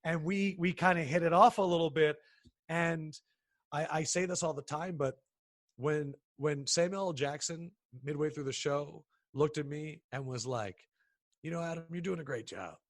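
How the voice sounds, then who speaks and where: A sports broadcaster in his thirties, telling stories in a casual interview, animated and acting out the people he quotes. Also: fairly high pitch, a little slow, no room sound, studio quality. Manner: animated, acts out quoted people, frequent restarts.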